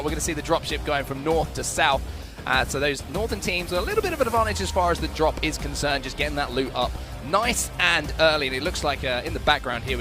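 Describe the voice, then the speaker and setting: A man doing play-by-play commentary as an esports caster, upbeat and hyping the audience. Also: fairly high pitch.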